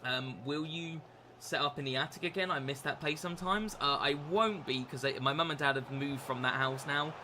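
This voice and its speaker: A man's voice: fairly high pitch, moderate pace, background noise. A young man chatting casually on a live stream while gaming, rambling with lots of fillers and restarts. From England.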